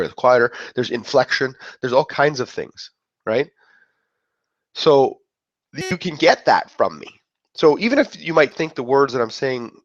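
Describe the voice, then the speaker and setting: In a dull, dry, lo-fi recording with no echo, a medium-pitched man rambles through a casual motivational talk. He often breaks off mid-thought and acts out the reactions of other people.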